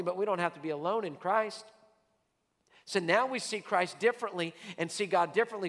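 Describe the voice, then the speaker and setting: A man preaching a sermon as pastor, swinging between loud urgent calls and hushed whispers. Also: high voice. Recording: long reverb of a large hall.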